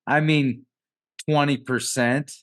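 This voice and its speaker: A man's voice: mid-range voice, fairly even intonation, slow. A man interviewing, who answers a question casually and briefly.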